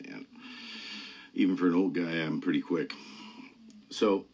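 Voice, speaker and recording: Husky low-voiced man, rambling host. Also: slow, a little mellow, muffled recording. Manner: rambling, full of "man" and "dude", heavy swearing. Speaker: podcast host. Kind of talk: casual conversation.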